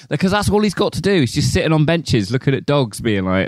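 Animated young man, dry close sound. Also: fairly high pitch, a little fast, hardly any pauses, dry recording. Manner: animated, laughs often, swears freely. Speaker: podcast co-host. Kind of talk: casual film chat.

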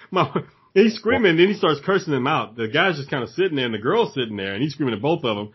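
Husky-voiced man telling a story. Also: a little high, quick pace, dull audio. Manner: animated, acts out quotes, laughs often. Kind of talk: casual chat, storytelling.

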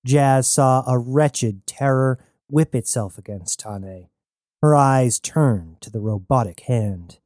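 A man narrating a sci-fi story in steady scripted storytelling. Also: medium pitch, slow pace, no echo, studio quality. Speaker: audiobook narrator.

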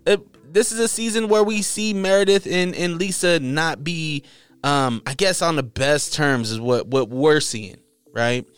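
A man hosting an interview, asking halting questions with many restarts. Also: fairly high pitch, smooth, no echo. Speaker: interview host. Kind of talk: casual interview.

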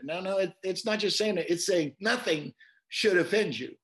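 Male pastor guest, slightly high voice, animated preacher-style storytelling in conversation. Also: normal speed. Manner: animated storyteller, repeats words while quoting scripture.

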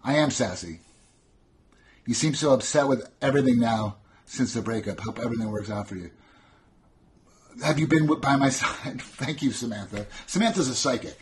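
A man's voice: medium pitch, moderate pace, a little hiss or hum. A young adult man hosting a casual live-stream Q&A, reading chat questions aloud and answering them bluntly with sarcasm and swearing. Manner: sardonic, blunt, swears freely.

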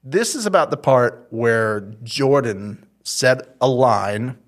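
A man's voice: medium pitch, expressive, slow. A man co-hosting a casual podcast, talking animatedly and acting out quotes in put-on voices. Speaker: podcast co-host. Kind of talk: casual chat.

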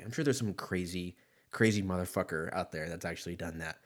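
Deep-voiced and fairly quick, this podcast host chats solo in a loose, rambling way, cursing freely and cracking himself up.

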